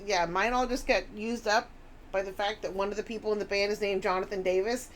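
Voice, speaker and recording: A woman's voice: mid-range voice, steady tone, fairly quick. A woman chatting casually on a live stream, rambling and reading chat messages aloud.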